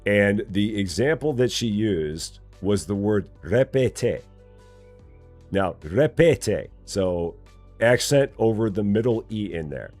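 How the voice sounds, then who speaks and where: Speaking slowly with faint music behind him, a man streams a store simulator game live. He jokes around, wanders from topic to topic, laughs often and lets his pitch rise and fall in lively swings.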